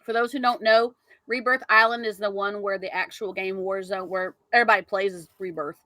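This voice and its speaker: A woman's voice: mid-range voice, fairly even intonation, fairly quick, pushed and bright, dry recording. A woman co-hosting a casual podcast, chatty and opinionated while eating on stream. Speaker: podcast co-host.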